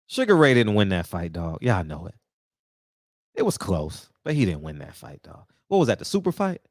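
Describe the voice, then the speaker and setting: A man giving an animated, preachy boxing rant, talking straight to the viewers. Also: on the low side, normal speed, no room sound, studio quality. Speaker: boxing commentator. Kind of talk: casual opinion rant.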